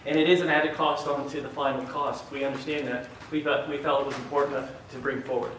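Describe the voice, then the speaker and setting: A man presenting budget details at a public meeting in a measured, explanatory way. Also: mid-range voice, level tone, fairly bright tone, a little hiss or hum. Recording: very echoey hall, mic far off.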